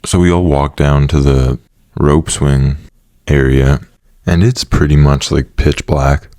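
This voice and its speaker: A man's voice: rumbling low, steady tone, slow, mellow, no echo, clean studio sound. A young man casually telling a personal story, swearing often and laughing now and then. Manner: casual, profane, laughing asides.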